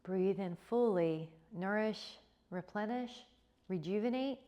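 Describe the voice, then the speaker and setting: A woman teaching a yoga class, giving calm, encouraging cues with repeated prompts to breathe. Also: mid-range voice, measured pace. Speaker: yoga instructor. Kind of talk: guided yoga class instruction.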